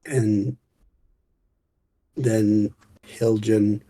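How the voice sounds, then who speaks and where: A man playing his character in a tabletop game, describing his actions slowly and deliberately. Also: fairly low pitch, flat delivery, dark tone. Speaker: player.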